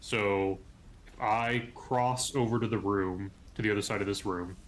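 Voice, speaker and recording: A man playing in a tabletop game, chatting casually and getting excited. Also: lowish voice, a little slow. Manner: excitable, animated. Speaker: player.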